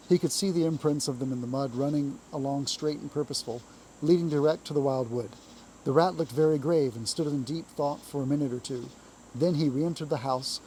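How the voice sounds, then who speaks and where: A man reading a classic children's story aloud in a calm, measured storytelling voice. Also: fairly high pitch, a little hiss or hum, low-quality recording.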